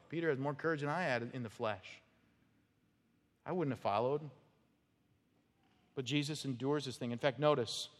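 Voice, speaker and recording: Emphatic male pastor in a reverberant hall. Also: mid-range voice. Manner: emphatic, rhetorical "right?" checks, dramatic drops in volume. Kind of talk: expository sermon. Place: church sanctuary.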